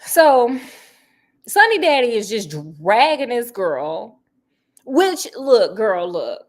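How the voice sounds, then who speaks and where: A woman chats while cooking. Her voice sits a little high. She talks in a sassy, gossipy way, full of honey and girl. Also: very animated, takes it slowly. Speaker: vlogger. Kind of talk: casual chat while cooking.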